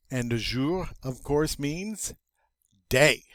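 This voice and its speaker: A man's voice: on the high side, expressive, measured pace, a bit bright, dry recording. A man teaching a recorded vocabulary lesson in a chatty, self-amused way, spelling out pronunciation for students. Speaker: French teacher.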